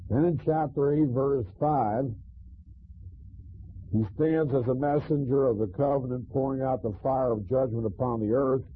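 A man teaching through a Bible passage verse by verse, in a measured way with frequent pauses. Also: medium pitch, husky. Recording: tinny phone-like sound.

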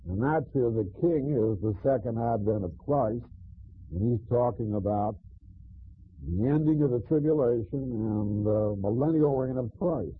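A man teaching through a Bible passage verse by verse, in a measured way with frequent pauses. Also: mid-range voice, breathy edge. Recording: tinny phone-like sound.

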